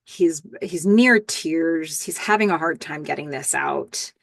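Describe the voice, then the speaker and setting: Woman podcast host, low pitch, dry close sound, chatty scene-by-scene recap. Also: measured pace, a bit bright, no echo. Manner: chatty, stammers and restarts, acts out quoted lines. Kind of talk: TV episode recap, casual narration.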